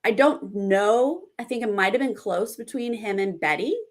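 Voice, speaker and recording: Reading viewer comments aloud and reacting with enthusiasm, a young woman leads a casual recap of a reality show. She speaks at a moderate pace with a medium pitch.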